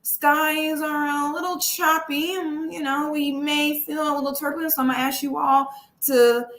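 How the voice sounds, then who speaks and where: A woman voicing a male airline pilot making a calm, slow, laid-back announcement. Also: high-pitched, roomy sound. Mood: drawling.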